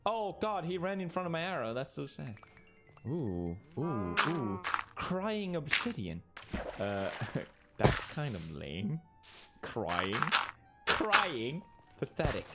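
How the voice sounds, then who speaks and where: A man's voice: fairly high pitch, big pitch swings, takes it slowly, over loud music. A young man streaming a game, giving playful, jokey commentary and talking to the characters on screen. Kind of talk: gameplay commentary.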